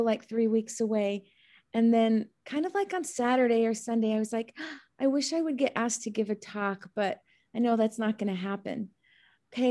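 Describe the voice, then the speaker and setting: Animated woman retelling a story. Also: fairly high pitch. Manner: animated, acts out quoted dialogue. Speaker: study group member. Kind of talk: casual storytelling on a video call. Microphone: video call.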